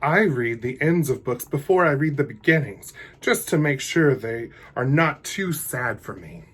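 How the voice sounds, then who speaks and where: A man reading a picture book aloud, voicing a shy, gentle, earnest hedgehog. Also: mid-range voice, animated, a little slow, husky.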